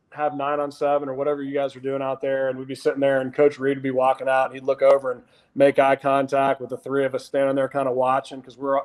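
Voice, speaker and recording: A man, a former punter, telling stories as a podcast guest, lively and acting out what others said. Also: medium pitch. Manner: lively storyteller, acts out quotes. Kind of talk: casual podcast chat, storytelling.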